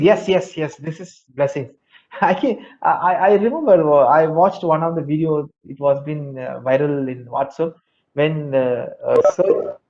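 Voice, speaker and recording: A man's voice: fairly high pitch, darkish tone, highs cut off. A man giving an interactive webinar lecture, reading out chat answers and repeating his key phrases. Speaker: webinar trainer.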